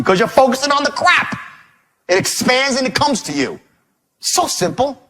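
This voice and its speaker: A husky male sales trainer with a high voice that swings wildly up and down as he tells a story to a seminar. He talks in a profane, punchy way, hammering points home by repeating them. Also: normal speed. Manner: animated, profane, emphatic repetition.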